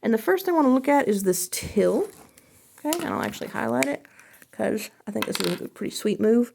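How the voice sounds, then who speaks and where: A woman's voice: a little high, sing-song, brisk, gravelly, darkish tone, a little hiss or hum. A woman teacher giving a recorded class lesson, talking casually and checking in often with "okay?".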